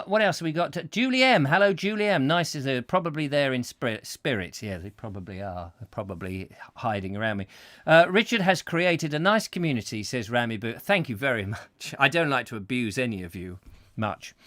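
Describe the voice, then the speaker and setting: A man's voice: on the high side, a bit bright, dry recording, clean studio sound. A man hosting a comedy chat show, rambling playfully through viewer comments and slipping into silly voices. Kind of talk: rambling comic live-stream chat.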